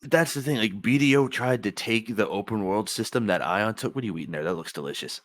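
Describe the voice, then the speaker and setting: A young man with a very low voice talks through game mechanics on a casual podcast. His sound is dry and close, and he explains things at length, swearing as he goes. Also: fairly quick, a bit bright, no room sound. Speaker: podcast co-host. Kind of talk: casual gaming chat.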